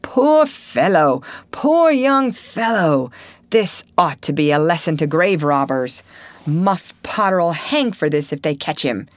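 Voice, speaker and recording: A woman's voice: low-pitched, lively intonation, normal speed, no echo. A woman voicing pitying townsfolk in a crowd, lamenting over a dead man.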